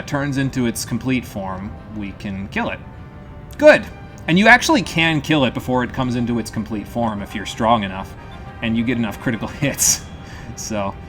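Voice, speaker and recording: A man's voice: mid-range voice, a bit bright. A man streaming a game live, giving loose, joking commentary with frequent laughs and casual swearing. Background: faint game music.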